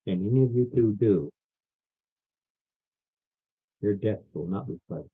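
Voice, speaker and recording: A man voicing a grim, terrified father who threatens adventurers with slow, ominous words. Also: lowish voice, animated, breathy edge. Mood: menacing. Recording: phone-like lo-fi recording.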